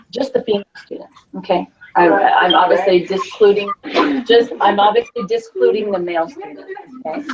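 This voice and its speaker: A woman teaching a Spanish class, explaining in a chatty way and checking in with the class with frequent "okay?". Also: mid-range voice. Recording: distant, dull lo-fi classroom recording.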